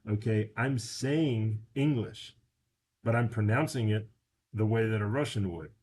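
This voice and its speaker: A man's voice: lowish voice, darkish tone. A man teaching a beginner language lesson from slides, repeating words for practice. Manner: repeats words slowly for drilling.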